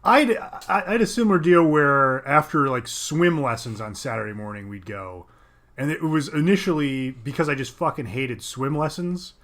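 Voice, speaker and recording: A man's voice: mid-range voice, lively intonation, normal speed, a bit bright. A man co-hosting a podcast, chatting casually and jokingly, swearing freely and restarting his sentences. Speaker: podcast co-host. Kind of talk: casual chat.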